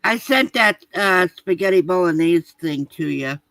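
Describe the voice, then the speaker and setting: A speaker on a live radio chat who talks slowly and sounds exasperated, swearing freely. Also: medium pitch, expressive, vocal fry, over a noisy crowd, low-quality recording.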